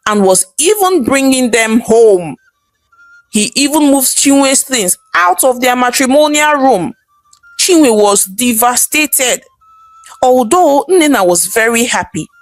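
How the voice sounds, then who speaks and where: A woman with a Nigerian accent narrating a scripted folktale as a storyteller, steady and expressive. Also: mid-range voice, dry recording, low-quality recording.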